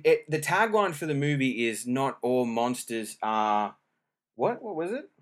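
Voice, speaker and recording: Chatty man rambling about movies. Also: medium pitch. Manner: rambling, chatty, self-deprecating, with many fillers and restarts. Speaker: podcast host. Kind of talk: casual solo movie review chat. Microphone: home recording.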